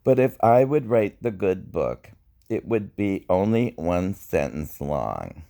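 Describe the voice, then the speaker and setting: A man reading his own spoken-word poetry in a slow, wry, reflective way. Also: low voice, animated, vocal fry, warm tone. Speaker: poet.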